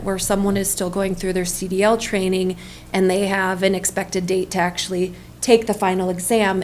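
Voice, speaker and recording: A woman county staff member explaining policy at a public meeting in a measured, explanatory way. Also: mid-range voice, slight background noise.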